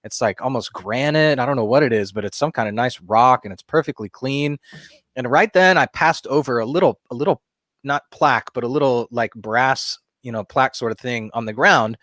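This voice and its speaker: A man's voice: medium pitch, brisk, fairly bright tone, no echo. Male podcast co-host, casual rambling storyteller, dry close recording. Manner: rambling storyteller, many fillers and restarts.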